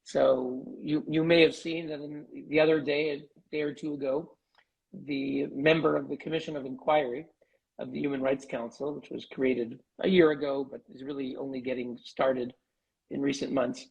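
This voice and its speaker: A man giving an articulate, measured interview as a human rights advocate over a video call. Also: mid-range voice, little pitch movement, creaky, a little mellow, breathy edge, dull audio. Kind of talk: live online interview.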